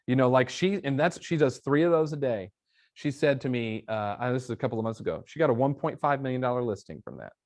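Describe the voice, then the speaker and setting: A man speaking as a guest on a live interview show. He tells stories and acts out phone conversations, switching into the quoted lines as he goes. His voice sits at an ordinary pitch for a man. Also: lively intonation, fast talker, darkish tone. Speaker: guest, real estate training executive. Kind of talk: conversational interview, storytelling with examples.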